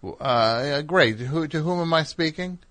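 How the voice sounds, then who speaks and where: A man's voice: fairly high pitch, expressive, a little slow, fairly bright tone. Man, middle-aged, radio host, rambling, wry, self-deprecating storyteller. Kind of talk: casual monologue and call-in chat.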